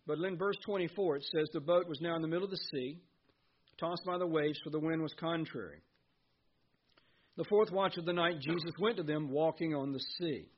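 A man's voice: a little high, lo-fi sound, a little hiss or hum. A man preaching a sermon as pastor, reading scripture and asking his listeners questions. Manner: earnest preaching, reads scripture aloud, asks the congregation questions.

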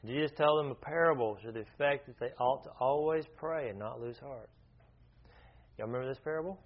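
A man's voice: mid-range voice, fairly quick. A man leading an informal Bible study, talking conversationally, often restarting his sentences and asking the group questions. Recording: dull lo-fi recording.

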